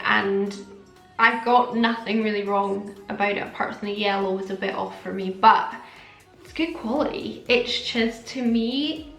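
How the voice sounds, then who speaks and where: Young scottish woman vlogging, bit high voice, slight lisp, echoey room w faint music behind. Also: a bit bright. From Scotland. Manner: chatty, chummy, talks with a slight lisp. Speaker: beauty vlogger. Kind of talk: casual chat to camera.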